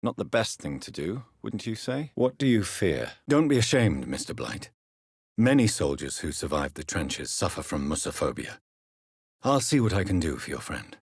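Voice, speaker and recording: Jonathan Reid, low husky vampire doctor. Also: male voice, no echo, studio quality, heavily acted. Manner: measured, calm, probing questions. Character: grave young male vampire doctor. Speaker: video game character. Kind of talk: game voice lines.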